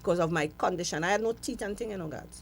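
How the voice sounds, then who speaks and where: A middle-aged woman from Trinidad and Tobago, speaking with a Trinidadian accent, tells her story as an interview guest, full of laughter and emphasis. Her voice sits on the low side and she talks quickly, with slight background noise behind her.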